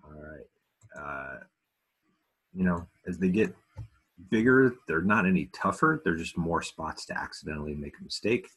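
A man's voice: sits low, lively intonation, moderate pace, a bit bright, breathy edge. A man teaching math in a recorded video lesson, talking casually with self-deprecating asides.

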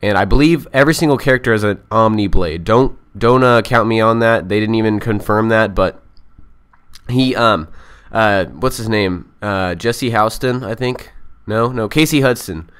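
A man's voice: on the low side, moderate pace, fairly bright tone, clear, resonant tone. A young man giving a casual, enthusiastic and rambling recap of game news, often unsure of the details. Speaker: gaming vlogger.

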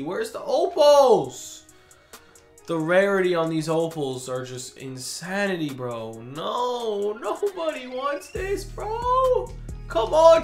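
A man doing video game pack opening commentary, ranting in exasperation with frequent groans and sighs. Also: very high voice. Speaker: gaming video creator. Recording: roomy echoey recording.

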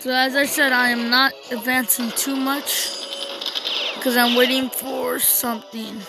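A young gamer casually commenting on a strategy game she plays, rambling to herself and giving shout-outs to viewers. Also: high voice, little pitch movement, a little slow, loud music behind the voice, low-quality recording. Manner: rambling, talks to herself while playing. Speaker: gaming channel host.

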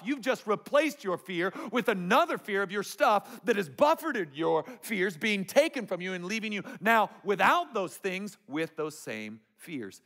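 Male pastor for a sermon, fairly high voice, playful storyteller who jokes with the congregation. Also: a bit bright.

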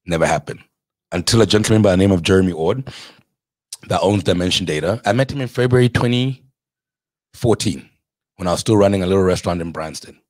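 A South African man who runs restaurants shares his story as an interview guest, talking fast in a low voice with frequent pauses. The recording has no room sound, and he's animated and casual, voicing the people he quotes and sometimes cursing.

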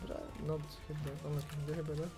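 A young man commentating on his own gameplay, excitable and foul-mouthed, swinging from muttering to yelling and ranting. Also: on the high side, fast talker, over music. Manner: excitable, swears, rants, swings from mumbling to yelling. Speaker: gamer streamer.

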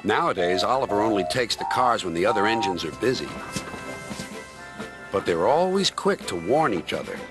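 A man's voice: lowish voice, lively intonation, normal speed, pauses often. A man narrating a storybook expressively, voicing every part. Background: music.

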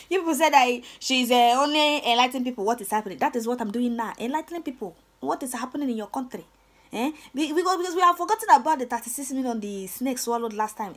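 A young Nigerian woman with a Nigerian accent and a slightly high voice, ranting to her channel's viewers. She is scornful and repetitive, stumbling over her words with frequent "eh"s and restarts. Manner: scornful, repetitive, stammers with many "eh"s. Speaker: channel host. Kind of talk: ranting commentary vlog.

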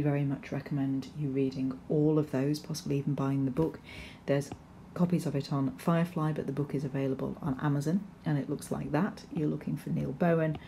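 Woman English teacher, low and mellow, explains patiently with ums, faint background noise. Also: vocal fry. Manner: explanatory, steady, with frequent ums and restarts. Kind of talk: recorded poetry lesson with slides.

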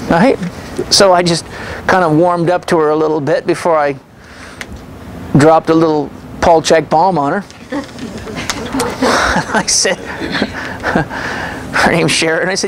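A man giving a lecture, telling a story with confident, animated energy. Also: high voice, a little slow, long pauses, slight background noise, low-quality recording. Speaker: health and fitness lecturer.

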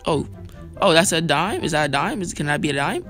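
A young man giving excitable, self-mocking commentary over his own football video game, hyping plays as he goes. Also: on the high side, fairly quick. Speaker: gaming video creator. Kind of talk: live gameplay commentary. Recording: light music underneath.

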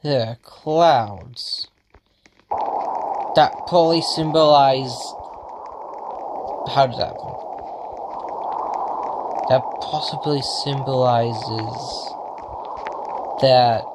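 A man commentating as he plays video games, panicking and yelling out reactions, with self-mocking asides. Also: medium pitch, drawn-out words, long pauses, noisy background. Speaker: gamer. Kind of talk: let's play commentary. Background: game music.

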